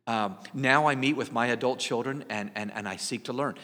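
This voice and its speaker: A man's voice: mid-range voice, moderate pace, pushed and bright, big-room sound. A man in his sixties co-hosting a podcast, talking in an earnest, reflective and self-deprecating way. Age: 60s. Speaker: podcast co-host, parent. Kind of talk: casual conversational podcast chat.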